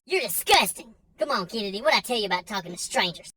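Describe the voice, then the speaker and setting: A man voicing an angry, protective young mother who shrieks accusations in a high voice. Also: animated, fast talker, pushed and bright, husky, dry recording, far from the mic, exaggerated voice. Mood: disgusted.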